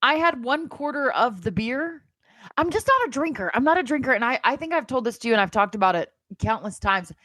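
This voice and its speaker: A woman in her thirties co-hosting a casual podcast chat, telling self-mocking stories with lively swings of pitch. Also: a little fast, no room sound. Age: 30s. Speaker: podcast co-host.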